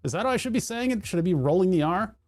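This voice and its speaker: A man's voice: high voice, animated, very fast. A young man from the United States, chatting casually on a live stream, rambling through jokey rants and laughing often.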